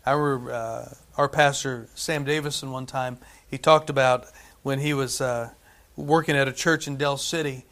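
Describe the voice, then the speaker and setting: A man preaching a sermon in a conversational way, often checking in with "right?" and dropping from loud to hushed. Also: medium pitch, fairly even intonation, moderate pace. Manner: conversational, frequent "right?" asides, swings between loud and hushed.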